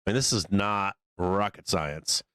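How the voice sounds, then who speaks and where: A man's voice: sits low, unhurried, bright, forceful tone, smooth, dry recording. A man hosting a live stock market stream, talking casually and ranting with frustration, swearing freely and laughing often. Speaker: stock market show host.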